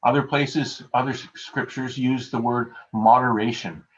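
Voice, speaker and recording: A man's voice: medium pitch, fairly even intonation, a little slow. A male pastor giving a conversational sermon over a video call, telling everyday stories with a self-deprecating touch. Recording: dull lo-fi video call audio.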